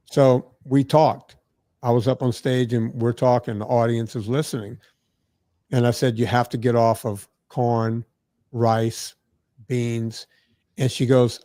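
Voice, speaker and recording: Brief: male fitness guest, chatty storyteller, mimics people he quotes, dry close sound, middle pitch. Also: unhurried, no echo. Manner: animated, acts out quoted people, frequent "right?" tags. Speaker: diet and fitness expert guest. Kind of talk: casual conversational storytelling.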